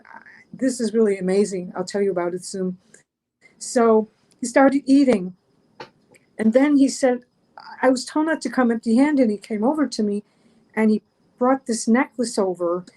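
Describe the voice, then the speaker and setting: A woman's voice: fairly high pitch, mellow, poor audio. A middle-aged woman, a guest on an online chat show, telling a story casually, rambling with many fillers and restarts.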